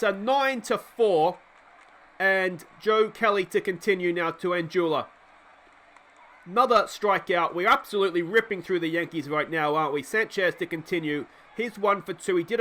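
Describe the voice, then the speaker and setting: A young Australian man calls a baseball sim game play by play, chatty and easily excited, talking to the viewer as he goes. His voice sits high and sounds bright and forceful. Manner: excitable, chatty, often addresses the viewer and himself. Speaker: video game let's play host.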